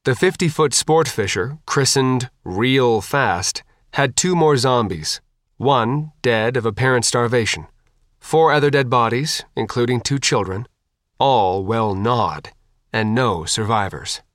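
A man narrating an action audiobook in a measured, even way. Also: medium pitch, no room sound, studio quality.

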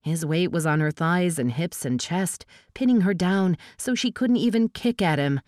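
A woman narrating an audiobook in a measured, steady reading voice. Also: lowish voice, no room sound, studio quality.

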